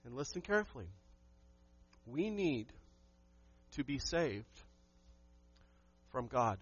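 A man's voice: medium pitch, big pitch swings, takes it slowly, breathy edge, muffled recording. A man preaching a sermon to his church, emphatic and asking the congregation questions. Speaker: pastor.

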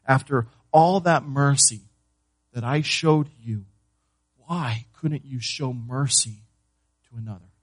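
A pastor preaching a sermon to his church, moving between loud emphasis and hushed, low delivery, and asking the congregation questions he then answers. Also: takes it slowly, pauses often, dry recording. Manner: asks the congregation questions and answers them himself.

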